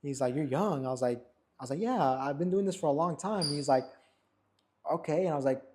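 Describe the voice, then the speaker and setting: A man's voice: fairly high pitch, fairly quick, slight background noise. A young man telling a story in a barbershop, casually, and acting out what others said. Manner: animated, acts out quotes of others. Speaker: barber and podcast co-host.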